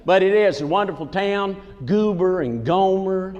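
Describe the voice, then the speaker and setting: A man's voice: high-pitched, measured pace, a little mellow, muffled recording, soft background music. A man with a Southern US accent telling folksy comic stories to a live audience and teasing people in the crowd. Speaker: comedic entertainer. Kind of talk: stand-up storytelling in a folksy character. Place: large conference hall with a live audience. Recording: echoey hall.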